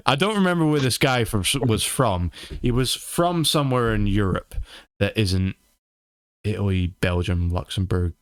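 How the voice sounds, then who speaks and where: A man's voice: lowish voice, moderate pace, smooth, no echo. A young British man hosting a casual podcast chat, rambling loosely, swearing and laughing often. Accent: British English. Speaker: podcast host.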